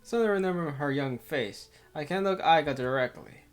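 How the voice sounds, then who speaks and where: A man's voice: a little high, expressive, a little fast, faint music behind. Rambling man reading a visual novel aloud. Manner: rambling, self-interrupting, laughs often. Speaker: let's player.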